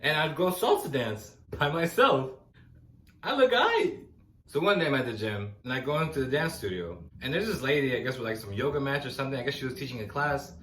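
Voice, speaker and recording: A man's voice: mid-range voice, fast, few pauses, slight background noise. A young man from Los Angeles doing a stand-up set, telling stories and acting out the voices in them. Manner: animated storytelling, acting out quoted voices. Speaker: stand-up comedian. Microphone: no microphone, camera mic. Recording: roomy echo, faint ambience, no microphone.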